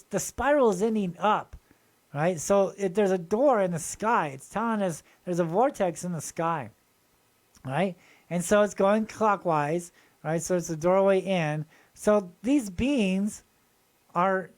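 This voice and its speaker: Excited rambling man showing finds. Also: high-pitched. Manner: excited, rambling, addresses viewers directly. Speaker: channel host. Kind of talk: casual show-and-tell video.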